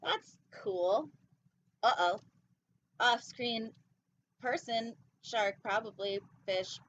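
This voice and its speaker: Goofy woman host reading a picture book aloud, high voice, rambling, slightly muffled recording. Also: animated, drawn-out words, long pauses, a bit bright, a little hiss or hum. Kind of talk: casual storytime reading. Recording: dull lo-fi recording.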